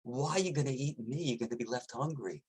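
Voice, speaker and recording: A man's voice: medium pitch, fast talker, a little mellow, husky, voice pushed up, close to an everyday voice. A man voicing a sly, wily male coyote in a spoken parable, coaxing and smug.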